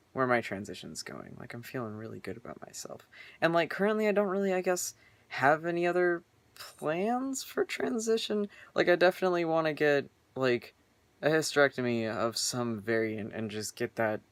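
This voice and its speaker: In a dry recording, a young man with a mid-range voice talks from his bedroom for a casual personal vlog. He rambles earnestly, leaning heavily on fillers.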